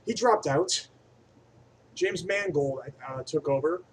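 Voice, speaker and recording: A man's voice: a little high, slow, slight background noise, low-quality recording. A man giving an off-the-cuff movie review, profane and rambling, swinging between enthusiastic bursts and mumbled asides. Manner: crude and profane, rambling aside-heavy delivery.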